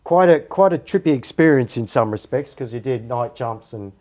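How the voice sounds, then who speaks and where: Measured middle-aged man. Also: mid-range voice, lively intonation, crowd noise. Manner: measured, reflective storytelling. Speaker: guest, character impersonator. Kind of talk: casual podcast interview.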